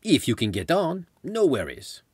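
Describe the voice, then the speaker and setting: A man's voice: on the high side, huge pitch swings, normal speed, a little mellow, husky, no echo, pitched above the performer's own voice, full character voice. A man doing a laid-back island handyman. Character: laid-back older island worker, smoking.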